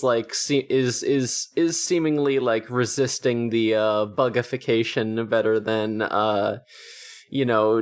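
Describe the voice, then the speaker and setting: Halting man recapping on a podcast. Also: fairly low pitch. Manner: halting, many restarts and fillers. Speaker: podcast co-host. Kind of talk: casual recap chat.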